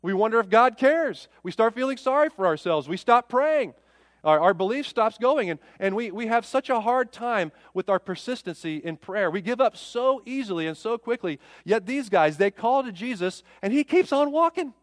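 A middle-aged man preaching with a high voice, driving home his points with rhetorical questions that swell and drop. His voice comes across dry and close, with a long reverb tail from a large hall behind it. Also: expressive, normal speed. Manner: impassioned, rising and falling preaching with rhetorical questions. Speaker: pastor. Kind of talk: sermon.

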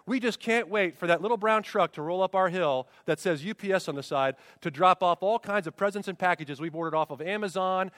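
High-voiced preacher in a reverberant hall. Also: male voice, fairly quick, hardly any pauses, fairly bright tone. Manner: emphatic preaching, with rhetorical questions and repeated refrains. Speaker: pastor. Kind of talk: sermon.

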